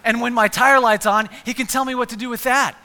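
A man's voice: very high-pitched, steady tone, a little fast, sharp tone, long reverb tail. A man preaching a sermon in a church, earnest and emphatic, often repeating words and building up lists. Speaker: pastor.

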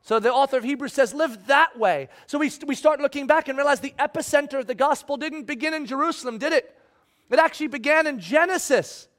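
High voiced guy preaching, big swings from loud pleading to quiet near whisper. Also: brisk. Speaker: pastor. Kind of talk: sermon.

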